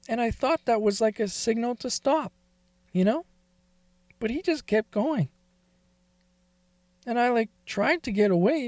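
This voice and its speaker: A man's voice: high-pitched, moderate pace, pauses often, a little mellow, no echo. A man telling a first-person confessional story in a confiding, emotional way that wavers toward tears.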